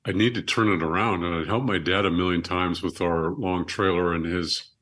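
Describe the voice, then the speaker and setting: Very deep-voiced middle-aged man telling stories. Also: steady tone, moderate pace, a bit bright. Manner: reflective, earnest, with frequent restarts. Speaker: guest, surgeon and author. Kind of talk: conversational storytelling.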